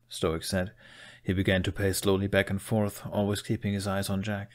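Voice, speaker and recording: A man reading a fan fiction story aloud as narrator, in a steady, even manner. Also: low voice, normal speed. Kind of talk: audiobook narration.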